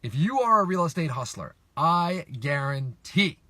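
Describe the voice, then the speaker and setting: Middle-aged male coach, punchy and repetitive, tense bright tone. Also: a little high, big pitch swings, unhurried, no echo. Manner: emphatic, repetitive, asks viewers for responses. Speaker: real estate investing coach. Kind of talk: direct-to-camera coaching talk.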